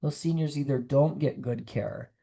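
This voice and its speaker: A woman nurse practitioner gives caregivers an earnest, conversational online presentation over a video call, sometimes acting out the voices of people she quotes. Her voice is extremely low and mellow, at a normal speed.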